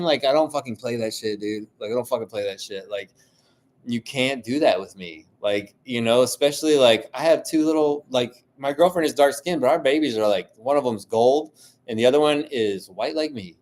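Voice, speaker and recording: A man's voice: mid-range voice, brisk. Profane ranting man, solo podcast. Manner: heated, profane ranting with many fillers. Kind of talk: casual monologue.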